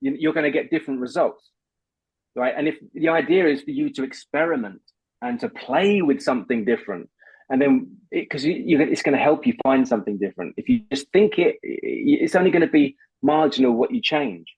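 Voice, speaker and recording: A man who is a voice coach, explaining techniques in an animated, instructive way and laughing often. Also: on the high side, fairly quick, slightly rough, no room sound, dull audio. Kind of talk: instructive conversation.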